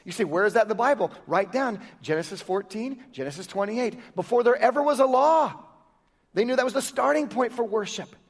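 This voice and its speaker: A man with a notably high voice preaches from the front of a church, pressing his listeners with one rhetorical question after another. His delivery is emphatic and insistent. The sound rings with the long reverb of a large hall. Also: lively intonation, a little fast, breathy edge. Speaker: pastor. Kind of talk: sermon.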